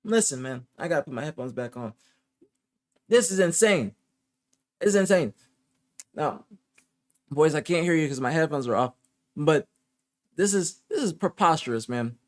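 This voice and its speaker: A man's voice: fairly high pitch, lively intonation, normal speed, pauses often. A man hosting a live stream in casual chat, ranting in disbelief and swearing freely. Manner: incredulous, ranting, heavy swearing. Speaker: streamer host. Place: home streaming setup.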